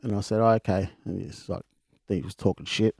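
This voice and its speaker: A man's voice: fairly low pitch, fairly even intonation, quick pace, gravelly, dark tone, husky, dry recording, studio quality. Laid-back Australian man telling stories. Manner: laid-back, laughs often, many restarts. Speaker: podcast co-host, former player. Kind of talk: casual storytelling chat.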